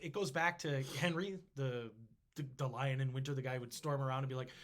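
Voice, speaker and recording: A man hosting a casual history podcast, telling the story in an animated, jokey way. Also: mid-range voice, a little fast. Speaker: podcast host.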